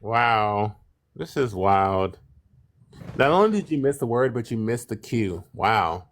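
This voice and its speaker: Lively-pitched man chatting on a live stream. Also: slow pace. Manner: playful, acts out quotes in a raised voice. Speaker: livestream co-host. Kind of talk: casual chat.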